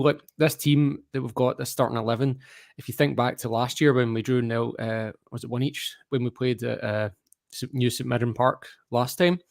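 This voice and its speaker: Australian male fan panelist, mid-pitched, keen, chatty, dry close mic. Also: fairly even intonation, moderate pace, gravelly, darkish tone, dry recording. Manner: enthusiastic, rambling, self-correcting. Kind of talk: casual fan podcast chat. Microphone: video call.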